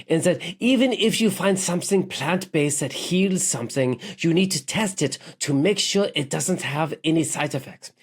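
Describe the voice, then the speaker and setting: A man's voice: on the high side, husky. A man reading a viewer's comment aloud in a playful mock German accent.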